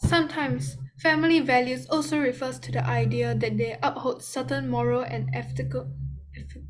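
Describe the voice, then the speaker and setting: Young adult female student, careful halting reader, slightly high pitch. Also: steady tone, poor audio. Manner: reads carefully, stumbles on words. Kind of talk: reading aloud in class, casual chat.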